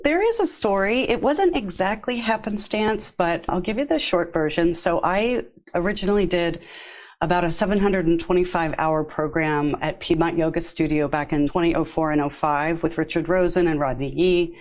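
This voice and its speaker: Woman interview guest, deep voice, warm storyteller, relaxed and chatty. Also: moderate pace, rough recording. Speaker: yoga therapist guest. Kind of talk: casual interview.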